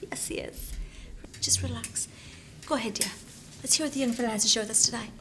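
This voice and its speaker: A woman putting on a pompous film director who speaks in a high, sugary, put-on voice. She talks down to everyone in hushed, over-sweet tones. It sounds like a comedy film scene, with faint noise behind. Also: lively intonation, measured pace. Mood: patronizing.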